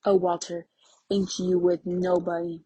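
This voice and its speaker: A woman's voice: lowish voice, monotone, a little slow, dark tone, husky. A woman reading the part of a tired young wife, pleading and resigned. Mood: weary.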